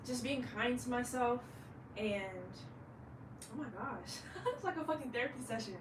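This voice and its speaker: A woman's voice: on the high side, animated, a little slow, long pauses, reverberant, distant mic, a little hiss or hum, poor audio. A woman in her late twenties, a fashion designer, talking candidly in a rambling vlog monologue and swearing freely. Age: late 20s.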